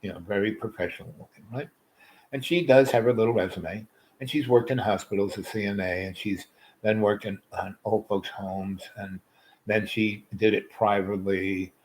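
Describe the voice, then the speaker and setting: Rambling male storyteller, lowish voice. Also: moderate pace, darkish tone, a little hiss or hum, rough recording. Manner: loose, full of fillers and asides.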